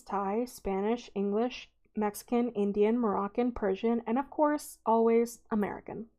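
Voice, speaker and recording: Woman reading a children's novel aloud. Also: a little high. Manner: relaxed, unhurried reading with small slips.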